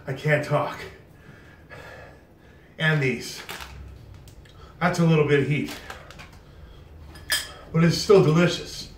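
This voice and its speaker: A man's voice: fairly high pitch, steady tone, slow pace, pauses often, slight background noise. Guy doing a spicy food challenge vlog, out of breath and bragging, echoey room, mic kinda far. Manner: strained and breathless after eating hot food, boastful. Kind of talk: casual talk to camera.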